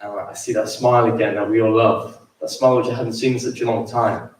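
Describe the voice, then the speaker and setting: A man giving a gentle, hesitant eulogy at a memorial, telling a personal story about his friend. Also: on the low side, steady tone, fairly quick. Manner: gentle, hesitant, with fillers and repeats. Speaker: memorial speaker. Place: large school dining hall. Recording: very echoey hall, mic far off.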